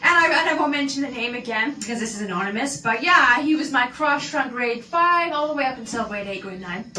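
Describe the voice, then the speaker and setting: A woman co-hosting a radio talk show, telling stories in an animated way and acting out the voices. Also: sits high, fairly quick, echoey room, recorded from a distance, poor audio. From Canada. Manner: animated storyteller, acts out quotes. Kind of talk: casual radio chat.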